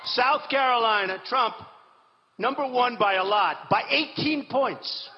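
A man's voice: very high voice, slow pace, background noise. A man giving an off-the-cuff campaign speech to a rally, rambling, boastful and repetitive, on a podium microphone in a large hall. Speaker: political candidate addressing a rally. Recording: dull hall recording with long reverb.

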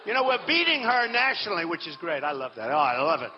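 A man giving a campaign rally speech as a political candidate, repeating himself emphatically and swinging between shouts and low asides. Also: very animated, fast talker. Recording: echoey hall, dull sound.

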